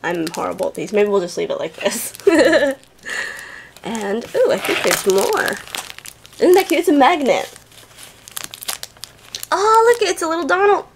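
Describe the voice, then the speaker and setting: A woman's voice: mid-range voice, big pitch swings, a little slow, gravelly, slight background noise. A young woman hosting a toy channel, gushing and giggling as she unboxes a package at home on camera. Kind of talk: excited unboxing chat.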